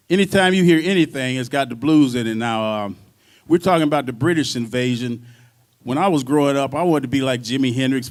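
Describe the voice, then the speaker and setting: A man on a symposium panel telling lively stories from his years as a drummer, laughing and acting out voices as he goes. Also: mid-range voice. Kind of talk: storytelling at a panel talk. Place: university symposium.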